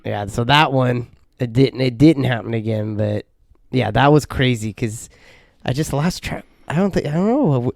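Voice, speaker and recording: A man's voice: mid-range voice, normal speed, creaky, no room sound, clean studio sound. A man co-hosting a podcast in casual chat, telling stories animatedly and acting out the people in them. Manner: animated storyteller acting out voices. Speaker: podcast co-host.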